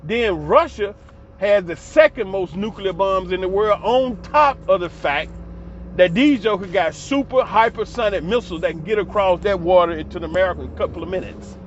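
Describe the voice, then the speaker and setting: A man with a high-pitched voice rants passionately, swearing freely and getting heated as he talks. The recording sounds a little dull and lo-fi, with faint street and traffic noise in the background. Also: fairly quick. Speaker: commentary vlogger. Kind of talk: ranting commentary.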